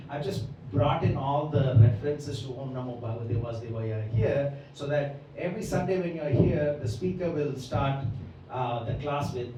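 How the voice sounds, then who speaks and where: A man's voice: medium pitch, noisy background. A man giving a devotional scripture lecture, explaining at length and often checking in with his listeners. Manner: explanatory, often checks in with the audience by asking "right?". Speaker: Bhagavatam class lecturer. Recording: echoey hall, mic far off.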